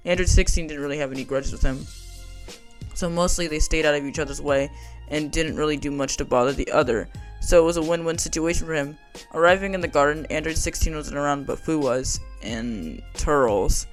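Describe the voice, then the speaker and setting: A man narrating a fan audiobook drama in a casual, conversational way. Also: on the high side.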